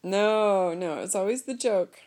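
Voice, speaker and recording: A woman's voice: medium pitch, measured pace, darkish tone. A woman co-hosting a casual podcast, telling rambling stories with lots of laughter and sing-song voices. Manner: giggly, rambling storyteller with sing-song impressions. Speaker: podcast co-host. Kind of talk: casual chat. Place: remote call recording, heard over a link.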